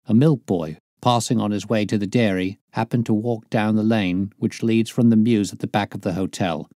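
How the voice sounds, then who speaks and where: A man's voice: fairly low pitch, fairly even intonation, moderate pace, warm tone, no echo, studio quality, natural voice. A man reading aloud, voicing a matter-of-fact male police inspector in a near-natural voice. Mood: reporting. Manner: plain, matter-of-fact reporting.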